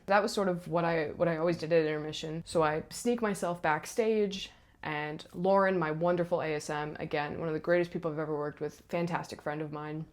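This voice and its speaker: Chatty woman with a lowish voice. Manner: chatty, animated, frequent asides. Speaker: stage manager. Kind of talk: casual storytelling to camera.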